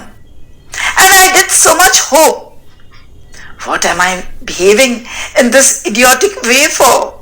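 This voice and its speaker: An effusive older male landowner from a stage play, as a woman reads the part. He rambles, tacks "and so on" onto his sentences and showers his guest with endearments. The voice is high and animated, slow-paced and bright. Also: heavily acted, low-quality recording. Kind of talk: dramatic reading of a stage play.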